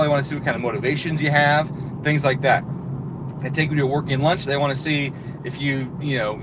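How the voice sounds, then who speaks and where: Profane ranting man over street noise. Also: medium pitch. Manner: heated, profane, exasperated ranting. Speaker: channel host.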